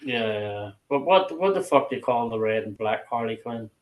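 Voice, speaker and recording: A man chatting casually on a live stream, his voice sitting at a middling pitch. He rambles and swears at nearly every turn. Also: lively intonation, normal speed, a little hiss or hum. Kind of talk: casual chat.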